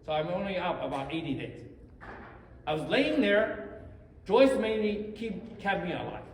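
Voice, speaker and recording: A man's voice: sits high, sing-song, unhurried, slight background noise. Guy joking around on stage, kinda rambly, sounds far off in a big echoey hall. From China. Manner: rambling, joking, self-deprecating asides. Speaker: conference speaker. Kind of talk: joking live conference talk. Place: large conference hall.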